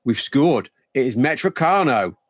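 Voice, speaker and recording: A man's voice: medium pitch, big pitch swings, a little slow, no echo, studio quality. A man streaming a football management game live, thinking aloud in a rambling, casual way.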